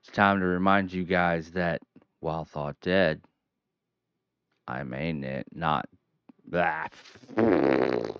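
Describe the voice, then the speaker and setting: A man's voice: sits low, unhurried, vocal fry, long pauses, smooth, dry recording, clean studio sound. A young man hosting a horror movie review from home, hamming it up as a spooky showman between rambling, casual asides. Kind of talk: theatrical solo video review. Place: home at night.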